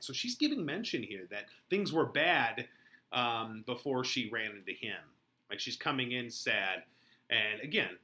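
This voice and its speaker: A man's voice: mid-range voice, bright, forceful tone. A man giving casual lesson commentary on a play, chatty and full of "you know" fillers. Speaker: teacher.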